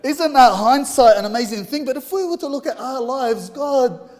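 A man's voice: very high voice, expressive, moderate pace, darkish tone. A man preaching a sermon in an informal, earnest way, telling a story with fillers. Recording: long hall reverb.

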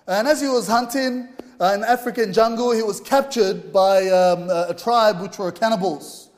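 A man's voice: high-pitched, normal speed. A man preaching a sermon in an informal, earnest way, telling a story with fillers. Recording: long hall reverb.

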